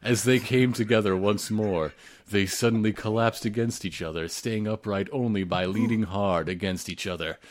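Low-voiced male narrator, dry reading of a comic story. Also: moderate pace. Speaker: comedy podcast narrator.

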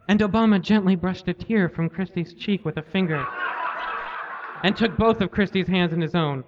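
A man hosting a comedy podcast, giving a deadpan live reading of a story. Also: sits high, moderate pace, a little hiss or hum. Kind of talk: live reading of fan fiction. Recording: lo-fi live recording.

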